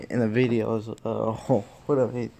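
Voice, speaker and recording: A man's voice: lowish voice, little pitch movement, measured pace, vocal fry, mellow, slight background noise. A man vlogging casually from home, laid-back and often laughing. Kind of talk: casual vlog chat.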